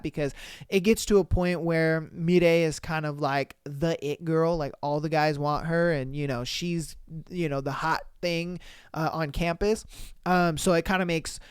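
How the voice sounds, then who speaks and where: A man's voice: on the high side, fairly even intonation, normal speed, smooth, dry recording, clean studio sound. A man hosting a podcast, recapping a drama in a rambling, slangy, casual way. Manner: rambling, full of fillers and slang. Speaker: podcast host.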